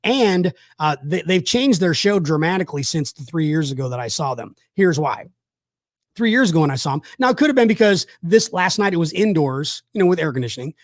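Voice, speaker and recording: A man's voice: a little high, animated, brisk, dry recording, studio quality. A man hosting a casual chat, telling rambling, enthusiastic stories with lots of fillers. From South Georgia, USA. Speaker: host.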